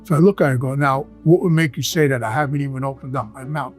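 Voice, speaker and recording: A man's voice: medium pitch, fast talker, soft background music. A man with a New York accent, a guest telling rambling stories in casual talk, often stopping to ask "right?" and restarting his sentences. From Brooklyn, New York. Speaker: guest, former mobster. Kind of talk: casual storytelling.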